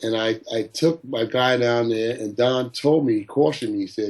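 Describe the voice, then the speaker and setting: A man's voice: medium pitch, fairly even intonation, moderate pace, hardly any pauses, darkish tone, rough recording. A middle-aged man, a boxing trainer, telling stories in an interview and acting out the people he quotes. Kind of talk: storytelling in an interview.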